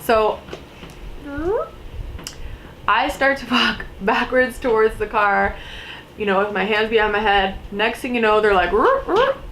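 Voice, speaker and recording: A woman's voice: slight background noise, low-quality recording. Young woman telling a dramatic storytime. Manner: animated storytelling, acting out quotes in a higher voice; filler-heavy, lots of "like" and "you know". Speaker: vlogger. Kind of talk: casual storytime.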